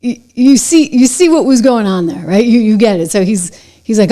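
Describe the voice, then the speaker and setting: A middle-aged woman hosting her own show, delivering brisk, sarcastic, conversational commentary on the news. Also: mid-range voice, lively intonation, warm tone. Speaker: show host. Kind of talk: opinionated commentary.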